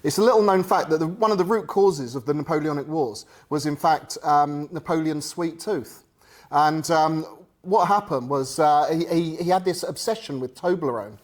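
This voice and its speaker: A man who explains history casually and playfully. He stops and restarts often, and his voice sits slightly high. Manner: halting, many restarts, playful storytelling. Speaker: wargaming hobbyist explaining history. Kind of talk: casual conversation.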